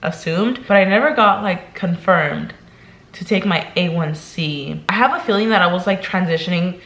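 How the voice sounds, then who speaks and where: A woman's voice: on the low side, normal speed, fairly bright tone, echoey room. A young woman vlogging in casual chat, talking chattily and emotionally, filling her talk with "like" and "girl".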